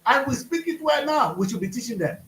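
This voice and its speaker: A man's voice: extremely high pitch, lively intonation, a little fast, fairly bright tone, reverberant, slight background noise, low-quality recording. A man with a Nigerian accent co-hosting a casual panel chat, talking emphatically and rising to outbursts. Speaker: co-host.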